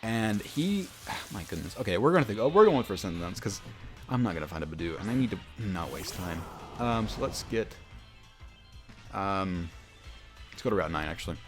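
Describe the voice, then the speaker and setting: A young man with a deep voice, chatting casually over a let's-play and telling a story, rambling with many fillers and restarts. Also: big pitch swings, normal speed, long pauses. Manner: rambling, self-interrupting, lots of fillers and restarts. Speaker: gaming YouTuber. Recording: faint background game music.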